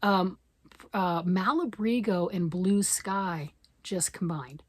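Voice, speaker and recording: A woman from Michigan vlogs about yarn in a quick, excited rush, wandering off on tangents. Her voice sits on the low side. The sound is dry and close, with no room echo. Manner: fast, excited, rambling talk. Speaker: yarn vlogger. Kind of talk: casual chat to camera.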